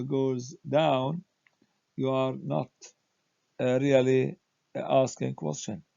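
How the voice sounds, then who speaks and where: Slow gravelly-voiced male grammar teacher. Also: medium pitch, warm tone, dry recording. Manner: slow, halting delivery with frequent "uh" fillers; reads example sentences and answers aloud. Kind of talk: explaining a grammar lesson. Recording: dull lo-fi dry recording.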